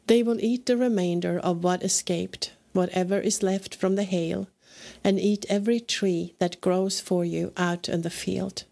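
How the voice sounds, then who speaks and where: A woman reading scripture aloud in a measured, deliberate way as a podcast host. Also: lowish voice, steady tone, vocal fry, dark tone. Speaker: scripture reader.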